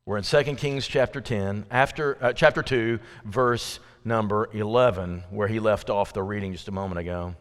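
A man's voice: fairly even intonation, moderate pace, few pauses. A man preaching an evening sermon in a chatty, conversational way, asking his listeners questions and acting out quoted voices. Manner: acts out quoted voices with sudden pitch jumps. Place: church sanctuary. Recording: long hall reverb.

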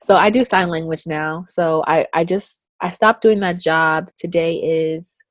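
In a relaxed interview, a young woman with a somewhat low voice tells stories at a measured pace, acting out other people's lines with big jumps in pitch. The recording is dry and close, with no echo or sense of a room.

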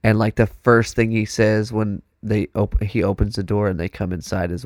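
A man's voice: on the low side, little pitch movement, normal speed, darkish tone, dry recording, studio quality. A young man, a drummer, with a stuffed-up nose, rambling loosely in casual chat and swearing freely. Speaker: drummer, podcast co-host.

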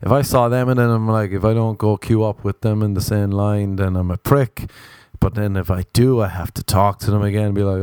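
Young Irish man, sweary self-mocking comic rant, low voice, dry close sound. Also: flat delivery, a little fast, a little mellow, clean tone, no room sound. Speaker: comedic monologuist. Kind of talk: casual comedic rant.

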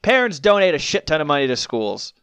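Podcast co-host, male, contrarian and teasing; smooth voice, dry close sound. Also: fairly high pitch, sing-song, brisk, fairly bright tone, dry recording. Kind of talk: casual chat.

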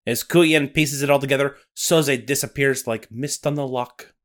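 In a comedy podcast bit, a man adopts a put-on Scottish accent to play a cunning male Loch Ness monster, narrating his tale with theatrical drama. His mid-range, natural voice holds fairly even intonation at a moderate pace.

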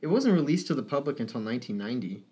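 A man's voice: medium pitch, big pitch swings, racing, dark tone, slightly rough. A man in casual conversation about a film, talking with feeling, swearing casually and laughing now and then.

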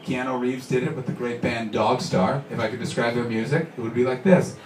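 A man doing stand-up comedy, bantering with the crowd in a loud, sweary way. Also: mid-range voice, fairly even intonation, fairly quick, over music. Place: live comedy venue with audience. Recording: roomy, distant mic with background noise.

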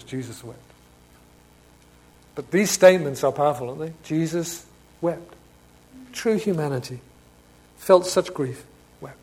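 Male preacher delivering a sermon; slightly raised pitch, alternates loud emphasis with quiet, intimate asides. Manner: swings from emphatic proclamation to hushed, quiet reflection; asks rhetorical questions of the congregation.

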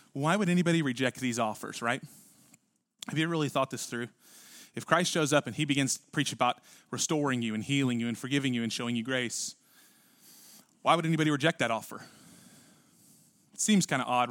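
A man's voice: on the high side, dry recording, clean studio sound. Conversational man preaching a sermon. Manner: conversational preaching with rhetorical questions and sudden drops to a quiet voice. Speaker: pastor.

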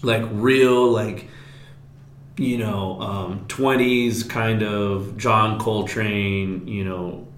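A man's voice: lowish voice, fairly even intonation, very slow, slight background noise. A young man chats casually on a podcast, rambling through his stories with plenty of fillers. He acts out little quoted asides as he goes. His voice carries a roomy echo. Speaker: podcast co-host. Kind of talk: casual chat. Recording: echoey room.

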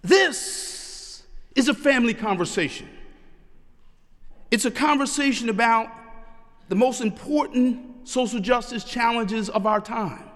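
A middle-aged man delivers a sermon in a high, carrying voice. He preaches in a measured cadence, slowing down and lifting his phrases for emphasis. The long reverb of a large church sanctuary trails after every line. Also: fairly bright tone. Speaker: pastor.

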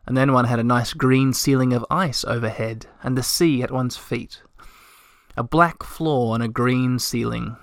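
Man narrating a storybook, gentle and measured, dry close sound. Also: mid-range voice, no echo. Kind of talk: storybook reading.

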